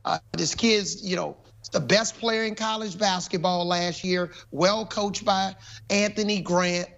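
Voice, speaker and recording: A man giving measured, emphatic basketball analysis with drawn-out phrases. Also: high voice, fairly even intonation, vocal fry, fairly bright tone, highs cut off. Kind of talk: sports analysis.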